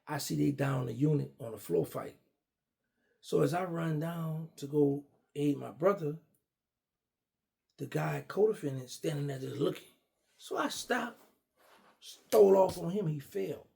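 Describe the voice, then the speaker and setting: Gravelly-voiced man telling a story. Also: on the high side. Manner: animated, acts out quoted dialogue. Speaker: guest storyteller. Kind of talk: casual storytelling.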